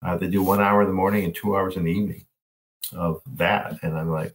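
Male coach guest, very deep voice, animated anecdote teller. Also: fairly quick, low-quality recording. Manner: animated storyteller, acts out his own reactions. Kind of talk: interview answer.

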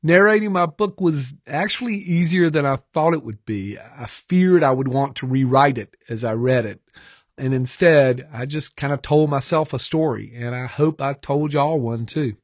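Middle-aged author, thoughtful conversational read, mid pitch, dry booth. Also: male voice, normal speed, no room sound. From Georgia, US South. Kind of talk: recorded author talk. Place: recording studio.

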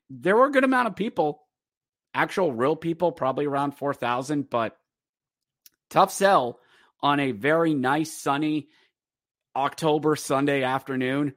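A man hosting a podcast, giving a rambling, animated casual recap of a hockey game. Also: medium pitch, no echo, studio quality. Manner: rambling and animated, breaks into acted quotes. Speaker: podcast host.

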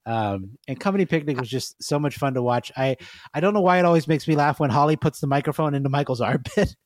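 A man co-hosting a podcast in casual chat, reflective and quick to laugh. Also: fairly high pitch, lively intonation, a little mellow, no echo, studio quality. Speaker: podcast co-host.

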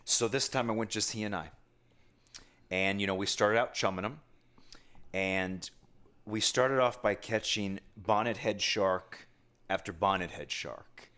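A man telling a long fishing story in casual chat, animated and self-mocking, with many asides and restarts. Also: on the low side, unhurried, pauses often.

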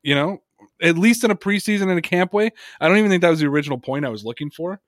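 Brief: talkative male podcast host, higher-pitched voice, dry close sound, emphatic and chatty. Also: animated, rapid-fire, dry recording. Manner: emphatic, talkative, reads chat comments aloud. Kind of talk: casual sports talk.

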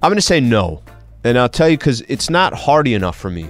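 A man's voice: mid-range voice, sing-song, brisk, soft background music. A man co-hosting a daily talk show, telling stories and giving opinions in an easygoing, casual way. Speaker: radio show co-host. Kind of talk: casual chat.

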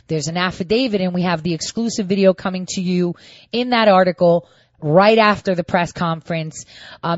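A woman's voice: medium pitch, no echo. Woman host, combative and mocking, talks to camera. Dry, muffled audio. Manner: mocking, indignant, addresses viewers directly. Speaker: online show host. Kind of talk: combative political commentary.

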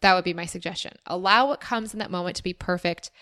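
A woman's voice: lowish voice, quick pace, pushed and bright. A woman hosting a solo podcast, answering listener questions in an earnest, encouraging and reflective way. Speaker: podcast host. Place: former resident of Austin.

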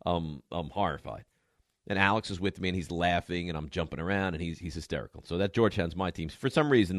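Sports radio host, male, animated storyteller, dry close mic. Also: dry recording. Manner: animated storytelling, jumps between loud and low. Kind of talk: lively sports radio banter. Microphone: studio mic.

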